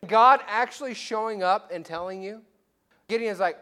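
A man's voice: high-pitched, normal speed, fairly bright tone. A male pastor preaching a conversational, story-driven sermon to his church. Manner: conversational, storytelling with acted-out quotes.

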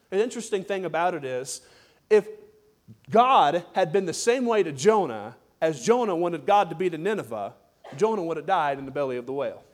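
Preacher man with a high voice, hammering points over and over, pushing the church to answer back. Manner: emphatic, repetitive, prodding the congregation. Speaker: pastor. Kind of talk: sermon. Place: church service.

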